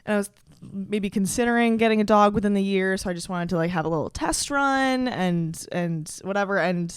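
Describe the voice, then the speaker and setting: A woman's voice: medium pitch, brisk, clean tone, no echo. Chatty young woman, dry close sound. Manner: chatty and profane, with lots of fillers and restarts. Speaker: podcast host. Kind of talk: casual storytelling chat.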